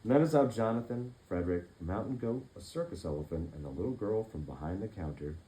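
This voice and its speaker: A man reading a children's picture book aloud as a bedtime story, with an expressive, lilting delivery. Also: fairly low pitch, quick pace, a little hiss or hum, poor audio.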